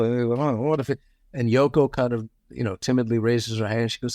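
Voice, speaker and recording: A man in his sixties telling show-business anecdotes as a guest, animated and often acting out quotes. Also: mid-range voice, fairly quick, no room sound. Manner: lively storyteller, acts out quotes.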